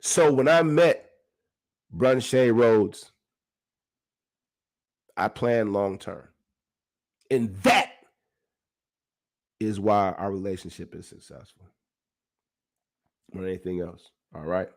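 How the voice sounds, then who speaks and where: A man hosting his own podcast, talking to his listeners in a casual motivational monologue, animated and laughing often. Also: fairly low pitch, slow pace, long pauses. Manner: animated, laughs often, talks straight to the audience. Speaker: podcast host.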